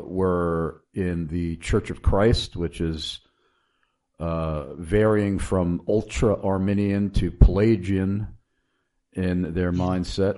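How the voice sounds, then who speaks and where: A man with a very low, dark voice tells his faith story in a slow, unhurried way. He speaks earnestly, often pausing on fillers and starting sentences over as he recalls events. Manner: halting, many fillers and restarts, earnest. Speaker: guest telling his testimony. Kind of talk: casual spoken testimony.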